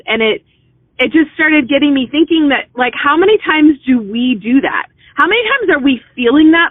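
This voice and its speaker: A woman's voice: high-pitched, dry recording. A middle-aged woman giving an earnest, encouraging motivational talk to consultants, conversational and full of "you know" and "um". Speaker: business mentor speaking to consultants. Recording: thin phone-like sound, dry.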